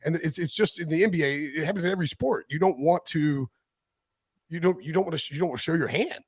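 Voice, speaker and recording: A man hosting a football podcast, talking in a rambling, animated way with many fillers. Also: on the high side, quick pace, breathy edge, no room sound. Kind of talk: casual chat.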